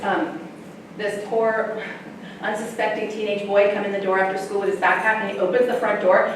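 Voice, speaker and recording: A woman, a sex educator, giving a chatty, animated talk to parents and often laughing. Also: medium pitch, a little hiss or hum. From United States. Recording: echoey room, mic far off, faint ambience.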